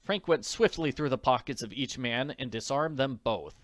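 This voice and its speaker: A man reading an audiobook in an expressive narrating voice. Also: medium pitch, normal speed, no echo, studio quality. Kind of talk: scripted narration.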